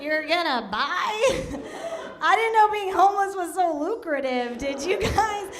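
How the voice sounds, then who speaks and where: Woman, very high voice, unhurried delivery, giggles mid-line, stand-up set. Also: expressive, crowd noise. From New York City. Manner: giggly, laughs through lines. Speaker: stand-up comedian. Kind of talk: stand-up routine. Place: comedy club stage.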